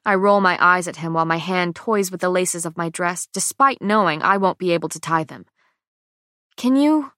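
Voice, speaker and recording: A woman narrating a first-person romance audiobook in a soft, measured, intimate way. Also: fairly low pitch, fairly even intonation, no echo, clean studio sound.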